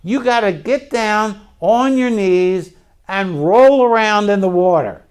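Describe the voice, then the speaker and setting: A man preaches in a relaxed, conversational style, and his voice sits fairly high. He talks slowly, stopping to put questions to his listeners, and speaks openly about his own struggles. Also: clean tone. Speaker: pastor. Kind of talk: sermon.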